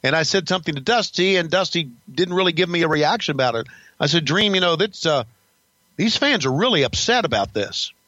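A man's voice: on the high side, expressive, fairly quick, pushed and bright, no room sound, highs cut off. An older man, a podcast host, telling stories about his career in a blunt, profane, rambling casual way. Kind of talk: casual storytelling.

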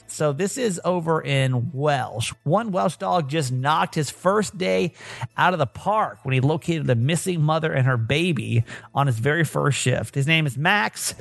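A man's voice: a little high, creaky, no room sound. A man hosting a casual podcast, rambling and self-mocking with many hesitations. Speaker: podcast host. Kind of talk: casual chat.

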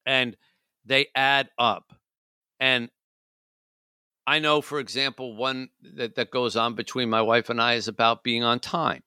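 A man co-hosts a casual talk show with a bright, forward tone. He tells stories in an animated way and jumps into exaggerated quoted voices. The sound is dry and close. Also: mid-range voice, a little slow, pauses often, smooth, dry recording. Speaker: co-host.

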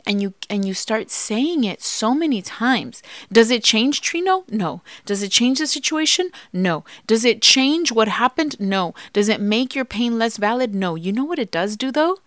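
A woman's voice: on the high side, expressive, moderate pace, hardly any pauses, a bit bright, no room sound. A woman co-hosting a podcast, giving earnest, emphatic advice on marriage and forgiveness. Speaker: podcast co-host. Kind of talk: heartfelt marriage advice talk.

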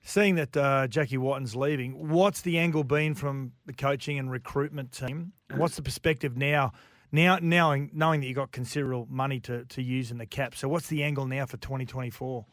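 A man's voice: mid-range voice, fairly even intonation, a little fast, fairly bright tone, dry recording, clean studio sound. An Australian man hosting sports radio, asking colourful, chatty questions in an interview.

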